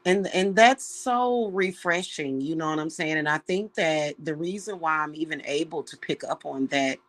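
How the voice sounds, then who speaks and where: A woman who works as a witch and reader, talking casually and with feeling to her viewers, calling them y'all. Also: sits low. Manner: slow, heartfelt, emotional, addresses viewers as y'all. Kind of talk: casual spiritual talk to viewers.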